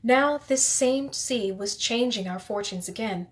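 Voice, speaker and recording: A woman reading a novel aloud in the first person, steady, with the odd slip she corrects. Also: a little high, unhurried. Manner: steady reading with occasional slips and self-corrections. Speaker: reader.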